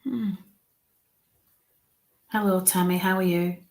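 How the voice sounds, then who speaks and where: A woman working as a psychic medium, giving a live reading in a halting way and breaking off to murmur coaxing asides under her breath. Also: lowish voice, fairly even intonation. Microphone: live stream mic.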